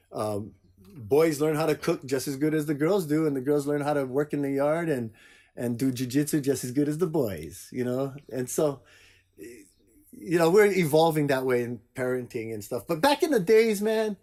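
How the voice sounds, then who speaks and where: A man's voice: fairly high pitch, darkish tone. An older man hosting a podcast, chatting casually and animatedly, laughing often and acting out quotes. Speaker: podcast host. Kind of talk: casual chat.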